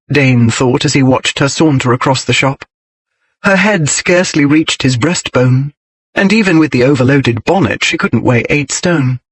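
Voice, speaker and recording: A man reading an audiobook narration in an expressive, measured storytelling manner. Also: fairly high pitch, slightly rough, no echo, rough recording. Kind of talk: scripted narration.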